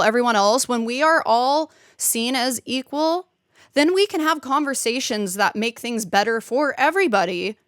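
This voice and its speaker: A woman with a high voice co-hosting a podcast, animated and jokey and quick to laugh. The close mic keeps the sound dry. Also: dry recording. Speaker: podcast co-host. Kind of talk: casual chat.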